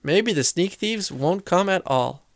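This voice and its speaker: A man voicing a brave flat little boy. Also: sits high, a little slow, no echo, studio quality. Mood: scheming whisper.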